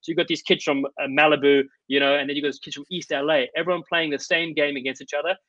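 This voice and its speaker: A man's voice: on the high side, steady tone, fast talker, a bit bright, no echo. A middle-aged man from South Africa, a rugby coach answering interview questions in an earnest, storytelling way with plenty of fillers. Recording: slightly dull lo-fi sound.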